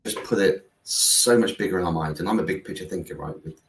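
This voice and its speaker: Deep-voiced, earnest man rambling. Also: brisk. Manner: earnest, rambling, many fillers and restarts. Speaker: guest, founder of a kindness platform. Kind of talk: casual conversation. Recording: roomy, distant mic.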